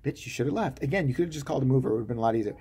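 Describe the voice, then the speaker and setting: A man tears through a movie plot in a profane, sarcastic comedy rant. His voice swings widely and expressively as he acts out the characters. His pitch sits in the middle. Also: expressive, racing, dark tone, husky. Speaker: movie reviewer.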